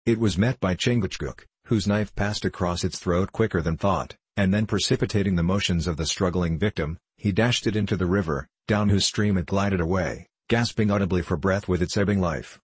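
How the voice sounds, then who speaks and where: A man narrating a classic novel in a measured, even reading, recorded close to the mic. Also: low-pitched, slightly rough, no echo, rough recording. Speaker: audiobook narrator. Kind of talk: scripted narration.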